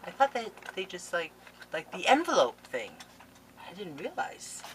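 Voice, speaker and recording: A woman's voice: fairly low pitch, big pitch swings, normal speed, slight background noise, poor audio. A woman scrapbooking vlogger opening a package on camera, gushing and playfully melodramatic in a casual chat. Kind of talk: casual unboxing vlog.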